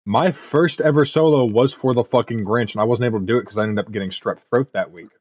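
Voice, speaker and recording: A man's voice: medium pitch, fast. A young man hosting a podcast, telling stories in casual, profane chat. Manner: profane, animated storytelling. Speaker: podcast host. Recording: muffled lo-fi mic.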